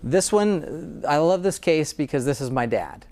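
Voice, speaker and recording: A man's voice: fairly high pitch, animated, measured pace, darkish tone. A middle-aged American dentist in a casual interview, earnest and sometimes getting emotional about his work. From United States.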